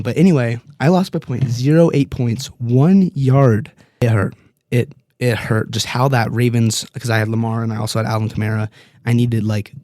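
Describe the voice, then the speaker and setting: A young man chats through his podcast in a loose, rambling way, animated and quick to poke fun at himself. His voice is warm and mellow. It is recorded dry and close, with no room sound. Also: mid-range voice, dry recording. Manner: rambling, animated, self-deprecating. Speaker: podcast host. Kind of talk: casual fantasy football chat.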